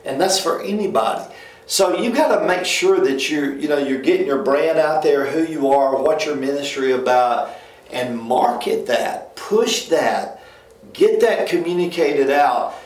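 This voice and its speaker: With an expressive voice at a measured pace, this pastor co-hosts a church ministry talk show. He is emphatic and folksy, going high in pitch when mocking others, and the sound carries a roomy echo.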